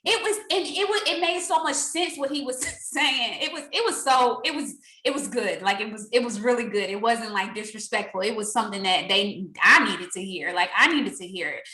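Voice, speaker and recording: A young adult woman giving a casual motivational talk to her sales team, animated and preachy, often laughing and acting out what others said. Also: a little high, moderate pace, few pauses, reverberant.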